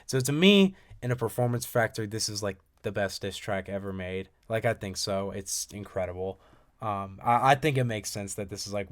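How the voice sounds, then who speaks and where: A young man talks through music in casual, excitable commentary and swears freely. His voice sits low and sounds smooth and resonant. He jumps from loud bursts to quiet, mumbled asides. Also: normal speed. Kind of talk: casual commentary reading lyrics aloud.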